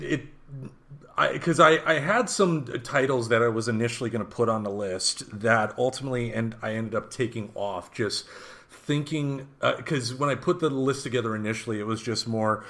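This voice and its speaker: A man co-hosts a relaxed podcast, speaking in a mid-range voice. He often restarts his sentences and fills pauses with ums. He laughs easily as he talks. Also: medium pitch. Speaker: podcast co-host. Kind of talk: casual chat.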